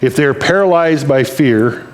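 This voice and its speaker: A man's voice: a little high, expressive, unhurried. An older man giving a sermon in a church, speaking plainly and conversationally as he tells stories. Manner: storytelling, conversational, plain-spoken. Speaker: preacher.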